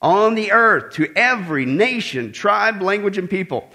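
A man preaching a sermon to a congregation, emphatic and animated, with joking asides and repeated warnings. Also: high-pitched, unhurried.

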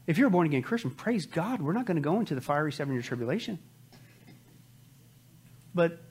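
Husky-voiced male pastor preaching urgently. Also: high-pitched. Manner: urgent, exhortative preaching with sudden loud outbursts. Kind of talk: sermon.

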